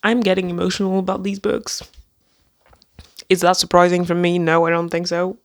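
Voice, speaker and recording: Gushing, gravelly-voiced book vlogger. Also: mid-range voice, normal speed, no room sound. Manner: gushing and excitable, rambling with fillers. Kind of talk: casual chatty book haul; reading a poem aloud.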